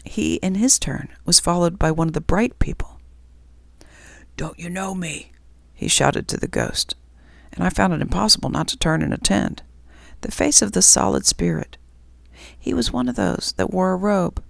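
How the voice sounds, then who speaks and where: Brief: woman reader, whispered role-play, gravelly texture, dry close mic. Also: on the low side, animated, no echo. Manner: slow, hushed storytelling. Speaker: audiobook reader.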